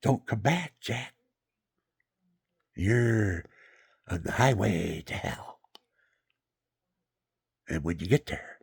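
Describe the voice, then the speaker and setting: A man's voice: fairly low pitch, animated, very slow, vocal fry, pauses often, slightly rough. An older man rambling through folksy personal stories that turn into plain-spoken preaching, with many restarts. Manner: folksy, repetitive, with lots of restarts. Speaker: religious speaker.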